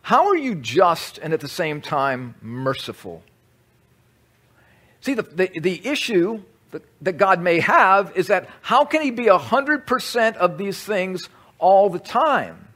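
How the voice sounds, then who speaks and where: Man, lively sermon delivery, higher pitch, chatty asides. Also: slow. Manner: animated, conversational teaching with audience asides. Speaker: pastor.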